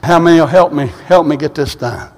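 A man preaching a sermon and leading a congregation, swinging from hushed words to shouts, and his voice is wearing out. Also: a little high, fairly quick, in a large hall. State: losing his voice. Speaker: pastor. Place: church sanctuary.

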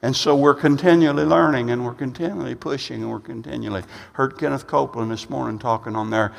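Gravelly preacher man in an echoing hall. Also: fairly even intonation, fast. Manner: emphatic, swings from loud bursts to low asides; repeats and restarts phrases. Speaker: pastor. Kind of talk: sermon. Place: church sanctuary. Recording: long reverb of a church hall.

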